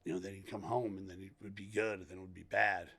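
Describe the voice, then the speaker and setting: A middle-aged man, a podcast guest, telling a candid story in a rambling, animated way, acting out the lines of the people in it. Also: low voice, fast talker, slightly rough. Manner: animated, rambling, acts out quoted dialogue, laughs often.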